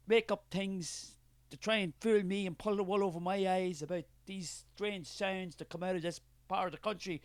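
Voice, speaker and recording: A man's voice: sits high, no echo. An Irish man doing a scornful penny-pinching skeptic. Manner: scornful, defensive, dismissive. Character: suspicious, money-minded male skeptic, scornful and defensive. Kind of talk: comic character sketch.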